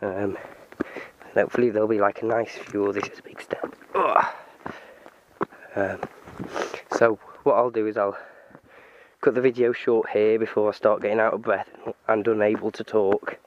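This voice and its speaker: A man's voice: lowish voice, level tone, highs cut off, a little hiss or hum. A man vlogging on a walk up a hill, rambling with lots of ums, holding the camera himself. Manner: rambling, halting, many ums. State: out of breath. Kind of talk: casual vlog while driving and walking. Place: outdoors on a wooded hill. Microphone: handheld camera.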